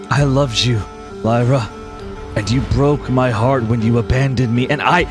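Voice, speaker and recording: A man's voice: medium pitch, natural voice. A man voicing a centuries-old male mentor who loved his student like a daughter, pleading and stern in broken phrases.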